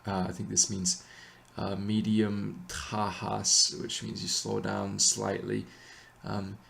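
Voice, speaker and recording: Hesitant man explaining chant, slow. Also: lowish voice, monotone, vocal fry, fairly bright tone. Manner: hesitant, many ums and self-corrections. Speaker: chant teacher. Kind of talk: casual explanation with sung chant examples.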